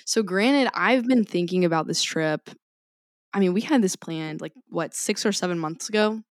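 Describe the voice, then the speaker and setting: A woman tells a story on a podcast, animated and quick to laugh. Her voice sits a little low. The sound is dry and close, with no room echo. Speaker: podcast co-host. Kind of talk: casual chat.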